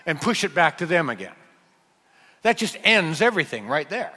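A man preaching a sermon in an animated, emphatic way, slowing down to stress key phrases. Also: sits high. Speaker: pastor. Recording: reverberant hall.

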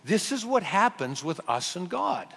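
Animated high-voiced male preacher. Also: creaky, slightly rough. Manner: animated, emphatic, with slow stressed phrases. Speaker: pastor. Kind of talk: sermon. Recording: reverberant hall.

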